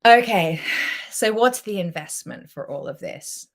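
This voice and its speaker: A woman coach giving a chatty, effusive live-streamed pitch for her course and reading out viewer comments. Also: expressive, normal speed. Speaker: self-love coach.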